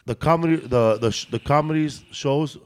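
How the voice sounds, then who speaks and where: A man's voice: on the high side, normal speed. A man co-hosting a casual podcast, chiming in with short remarks and questions. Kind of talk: casual chat.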